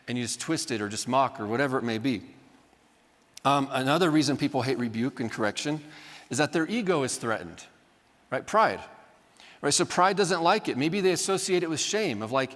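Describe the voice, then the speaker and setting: A man's voice: mid-range voice, expressive, fast, fairly bright tone. Conversational man lecturing in a reverberant hall. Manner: conversational, often acts out quoted voices, adds "right?". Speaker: Bible college teacher. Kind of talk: classroom lecture.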